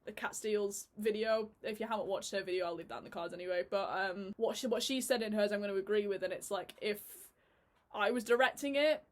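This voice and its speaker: A woman's voice: medium pitch, fairly quick. A woman giving a casual chat review on her channel, chatty and laughing often, with lots of fillers and restarts. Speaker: YouTube reviewer.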